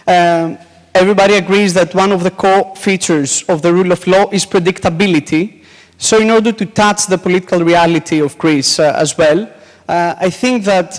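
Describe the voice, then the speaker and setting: A high-pitched man asks a question from the floor, pausing and searching for words as he goes. His voice echoes through the long reverb of a large hall. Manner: hesitant, halting. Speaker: audience questioner.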